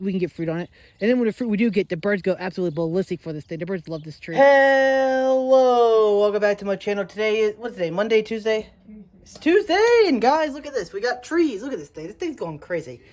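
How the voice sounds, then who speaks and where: A woman vlogging casually at home, rambling excitedly and chatting to her pets. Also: medium pitch. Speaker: daily vlogger. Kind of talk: casual rambling vlog chat. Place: at home, yard and indoors.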